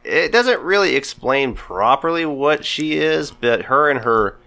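A man on a casual podcast chat, explaining in a halting way, full of fillers and restarts. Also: fairly high pitch, expressive, creaky, bright, forceful tone. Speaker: podcast co-host.

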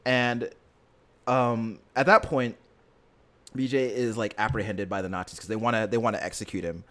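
A man with a fairly low voice talks in a loose, casual chat, circling back on himself with fillers and restarts. He sounds earnest and invested as he tells the story. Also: steady tone, normal speed, a bit bright. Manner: rambling, filler-heavy retelling with many restarts.

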